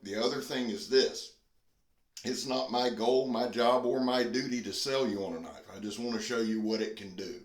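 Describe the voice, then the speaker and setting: A man hosting a casual knife review vlog, talking in a folksy, earnest, plain-spoken way. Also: mid-range voice. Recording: roomy echo.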